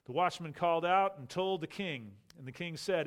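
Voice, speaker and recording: A man teaching from the Bible, reading scripture aloud and commenting on it in a measured, grave way that slows and softens on sorrowful passages. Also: on the high side.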